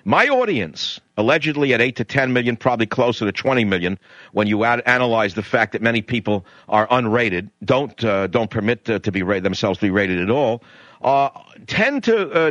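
Middle-aged guy ranting on talk radio, blunt and worked up, bright punchy voice, dry sound. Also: mid-range voice, lively intonation, brisk, no room sound, highs cut off. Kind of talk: political talk radio monologue.

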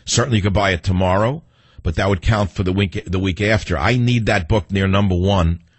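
A man's voice: deep voice, a little fast, breathy edge, no room sound. A middle-aged man hosting a talk radio show, ranting combatively and taking calls. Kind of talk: talk radio monologue and call-in.

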